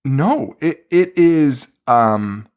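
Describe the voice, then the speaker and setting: Very slowly, in a smooth, slightly mellow medium-pitched voice with lively intonation, a podcast co-host recaps a film scene by scene. His casual movie review is profane, laughing and incredulous.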